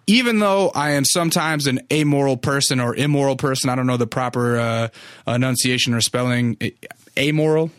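A man's voice: mid-range voice, a bit bright, no room sound, clean studio sound. Profane rambling guy telling a story. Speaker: podcast host. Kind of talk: casual storytelling monologue.

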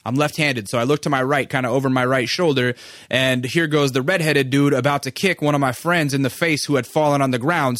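A man's voice: medium pitch, fairly bright tone, dry recording, clean studio sound. Profane casual podcast host, man. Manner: loose and profane, with many fillers. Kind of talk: casual storytelling monologue.

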